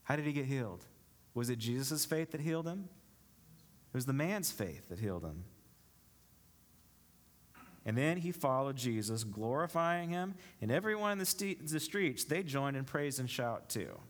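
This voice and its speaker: A pastor delivers a sermon at church, reading scripture and explaining it through rhetorical questions put to the congregation. His mid-range voice is very animated, at a moderate pace, and he pauses often.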